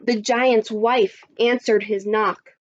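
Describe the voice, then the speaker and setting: A woman teacher reading a story aloud to children, expressive and adding little asides. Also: mid-range voice, slow pace, dull audio. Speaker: primary school teacher.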